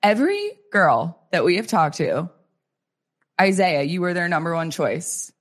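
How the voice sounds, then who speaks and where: A young woman with a somewhat low-pitched voice who hosts an interview. She asks questions in a playful, teasing way and keeps the conversation light. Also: sing-song, unhurried. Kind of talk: casual interview chat.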